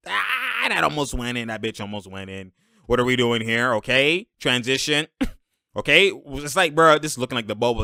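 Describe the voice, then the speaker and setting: A man hosting a basketball film breakdown, talking in an animated, slangy way, laughing often and calling out to the players on screen. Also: mid-range voice, dry recording, clean studio sound. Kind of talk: excited play-by-play breakdown commentary.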